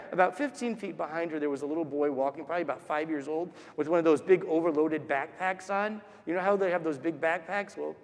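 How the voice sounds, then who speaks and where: Speaking quickly with few pauses, a priest with a fairly high voice delivers a storytelling sermon, acting out the voices he quotes. The large church adds a long reverb.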